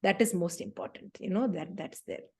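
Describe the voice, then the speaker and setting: A woman's voice: moderate pace, gravelly. A middle-aged woman with an Indian English accent, facilitating a parenting talk and acting out scenes from family life. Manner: animated storytelling, acts out scenes with sharp pitch jumps.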